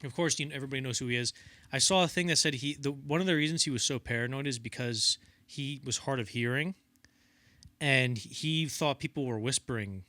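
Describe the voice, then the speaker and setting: A man's voice: medium pitch, a little fast, dry recording. A young man co-hosting a film podcast, chatting casually and acting out the quotes in his stories. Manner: animated storyteller acting out quotes in voices. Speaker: podcast co-host. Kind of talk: casual film-history chat.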